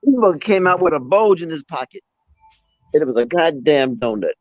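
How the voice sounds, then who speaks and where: A man's voice: fairly high pitch, expressive, a little fast, dry recording, lo-fi sound, faint music behind. A man in casual chat, telling jokey army stories and laughing often.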